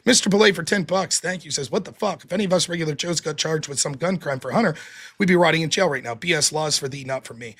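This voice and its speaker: A man's voice: fairly high pitch, a bit bright. A man hosting a political call-in stream, arguing hard and swearing, then reading donations aloud. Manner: combative, profane, rapid-fire questioning. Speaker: call-in show host.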